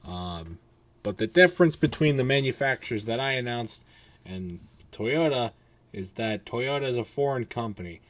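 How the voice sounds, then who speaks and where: Sounding tired and letting out yawns, a podcast host talks casually and rambles, cursing freely and restarting sentences midway. His mid-range voice is animated and moves at a normal speed.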